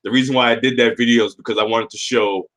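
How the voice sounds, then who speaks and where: A man's voice: mid-range voice, fairly even intonation, fast, a bit bright. Brief: man hosting a loose, foul-mouthed livestream, rambling and answering chat. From Boston area. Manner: rambling, profane, reads out chat comments. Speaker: livestream host.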